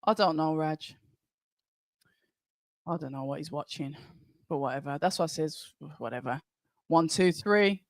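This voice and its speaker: A man's voice: a little high, no echo, studio quality. A man hosting a live watch-along and calling a boxing match round by round, chatting with viewers between rounds. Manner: excitable, calls punches quickly, chats with the viewers. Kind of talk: live fight commentary and chat.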